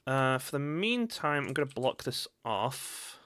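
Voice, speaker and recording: A man's voice: mid-range voice, sing-song, measured pace, background noise. A man giving casual, self-mocking commentary while playing a game. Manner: chatty and self-mocking, laughs often. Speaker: gaming streamer.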